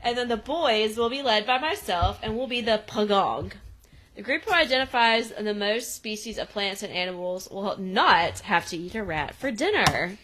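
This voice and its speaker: A young adult woman recaps a show episode on a podcast in a loose, chatty way. She laughs often and throws herself into quoting the characters. Her voice sits at an everyday middle pitch. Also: moderate pace. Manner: animated, laughs often, acts out quoted lines. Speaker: podcast co-host. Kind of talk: casual recap chat, acting out quotes.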